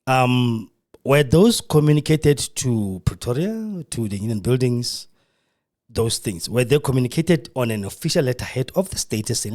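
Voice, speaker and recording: A South African man hosting a live radio podcast from a studio. He comments in a mocking, animated way and acts out the voices he quotes. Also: medium pitch, moderate pace. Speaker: podcast host.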